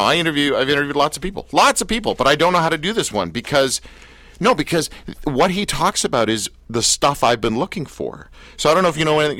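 A man's voice: mid-range voice, pushed and bright, no echo. A middle-aged man hosting a radio talk show in the studio, joking and teasing his co-host and guest. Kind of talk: casual radio chat and interview. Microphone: studio microphone.

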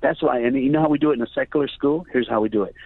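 Guy on a phone line telling stories like a preacher, tinny, mid pitch. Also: huge pitch swings, rapid-fire, gravelly, breathy edge, dry recording. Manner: earnest, preacherly storytelling. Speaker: school assembly speaker, guest. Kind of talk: storytelling on a phone interview.

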